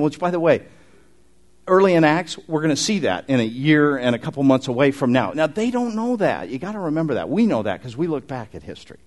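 A middle-aged man preaching a sermon as pastor, conversational and animated, with asides to the congregation. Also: a little high, fairly quick.

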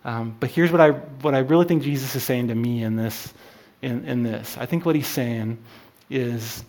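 Halting, conversational man teaching scripture. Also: mid-range voice, darkish tone. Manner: halting, many fillers and restarts, conversational. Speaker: Bible study teacher. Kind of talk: informal Bible teaching.

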